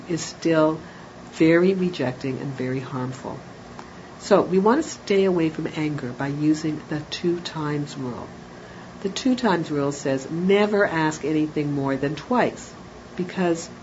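Calm, low-voiced woman explaining parenting. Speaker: parenting educator. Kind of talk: spoken lecture. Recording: dull lo-fi audio with faint noise.

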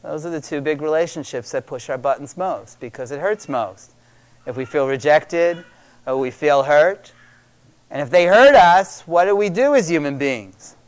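A man's voice: a little high, animated, moderate pace. A middle-aged man speaking to a live audience about parenting, conversational and emphatic, repeating key words for stress.

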